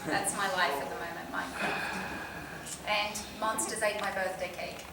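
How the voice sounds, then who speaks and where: A woman's voice: mid-range voice, lively intonation, moderate pace. Woman, chatty, laughs a lot, echoey hall, distant, noisy. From Australia. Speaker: convention panel guest. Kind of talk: casual Q&A chat. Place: large convention hall.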